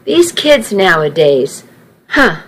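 A woman's voice: lowish voice, sing-song, takes it slowly, heavily acted. A woman doing a gossipy little old lady.

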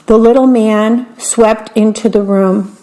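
Slow-reading woman storyteller. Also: a little high, fairly even intonation, warm tone, poor audio. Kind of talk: reading a children's story aloud.

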